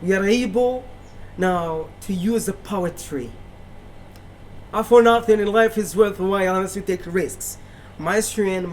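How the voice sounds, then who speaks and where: A man's voice: sits high, darkish tone, slight background noise. A young Burundian man, an English teacher, answering interview questions with enthusiasm and emphatic demonstrations of pronunciation.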